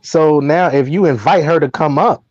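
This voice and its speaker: A man's voice: on the high side, normal speed, a little mellow, dull audio. A man on a casual talk show making his point emphatically, often repeating words as he goes. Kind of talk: casual chat.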